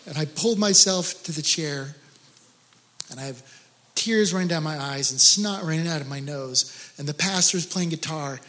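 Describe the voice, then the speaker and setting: A man's voice: on the high side, moderate pace, bright, forceful tone, long reverb tail. A man speaking to a church gathering, telling his own faith story in an earnest, storytelling way that rises to intense emphasis. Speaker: guest speaker. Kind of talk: testimony sermon.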